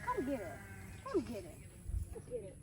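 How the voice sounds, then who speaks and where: Very high voiced young woman calling goats over, bouncy pitch, farm noise around. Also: moderate pace. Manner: excited, coaxing animals. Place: outdoors at a petting zoo.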